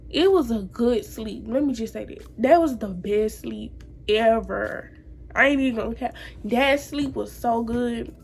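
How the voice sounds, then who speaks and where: Chatty teenage girl with a higher voice. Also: unhurried, vocal fry, breathy edge. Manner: chatty, slangy, addresses viewers directly. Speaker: vlogger. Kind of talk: casual storytime chat.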